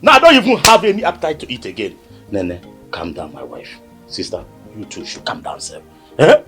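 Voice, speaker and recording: A weary Nigerian peacemaker. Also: male voice, on the high side, huge pitch swings, fairly quick, a bit bright. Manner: pleading, soothing, repeats himself. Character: weary peacemaking husband and brother. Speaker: brother trying to settle a family quarrel. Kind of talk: Nollywood family drama acting. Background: background music.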